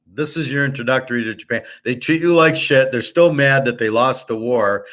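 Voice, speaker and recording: A middle-aged American man hosts a sports betting show, speaking briskly in a mid-range, fairly bright voice. He tells a rambling story in a blunt, profane and indignant way.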